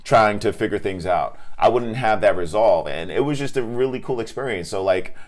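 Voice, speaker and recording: Low-voiced man rambling casually. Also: expressive, normal speed, a crowd in the background. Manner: loose, rambling, heavy on fillers and swearing. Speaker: podcast host. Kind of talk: casual podcast chat.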